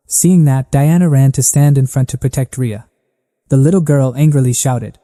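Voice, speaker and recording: A man narrating a story recap in a steady, even reading. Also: mid-range voice, normal speed, big-room sound.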